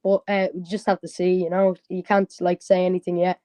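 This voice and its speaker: A young man from Dublin, Ireland, with a Dublin accent calls into a fan phone-in for a casual chat. His voice sits high and is monotone yet warm, brisk, with no room sound, and he's easygoing and upbeat, saying "like" a lot.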